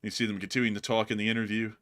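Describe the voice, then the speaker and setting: He speaks very fast in a lowish voice, co-hosting a casual news commentary stream and joking over war video clips. His manner is animated, with laughter and sudden silly voices.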